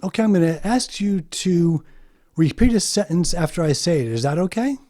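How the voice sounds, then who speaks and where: A man hosting an explanatory video monologue, emphatic and deliberate, slowing down to stress key points. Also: sits high, lively intonation, mellow. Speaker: video host.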